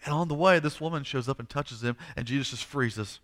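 Bright-voiced preacher telling a story. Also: male voice, mid-range voice, a little fast. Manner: dramatic storytelling, repeats phrases for emphasis. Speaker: pastor. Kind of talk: sermon.

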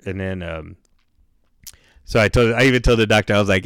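Laid-back man with a smooth, lowish voice. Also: brisk, long pauses, a bit bright, no echo, studio quality. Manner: laid-back, slangy, swears freely, laughs through the story. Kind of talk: casual storytelling chat.

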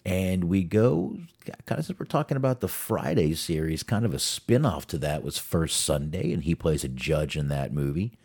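A man's voice: extremely low pitch, lively intonation, fairly quick, few pauses, a little mellow, slightly rough. A man hosting a show, chatting casually and rambling, often stumbling over words and restarting. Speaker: podcast host. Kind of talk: casual career rundown.

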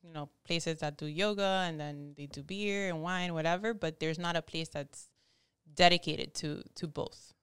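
A woman who owns a yoga studio, a guest on a podcast, talking frankly and in a relaxed way, with some swearing. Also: sits low, moderate pace, smooth, dry recording. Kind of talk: casual interview chat.

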